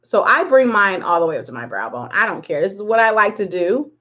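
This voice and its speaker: A woman's voice: medium pitch, animated, a little fast, bright, forceful tone, muffled recording. A woman hosting a live makeup tutorial, chatting casually and rambling while she greets viewers by name. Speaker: makeup livestream host.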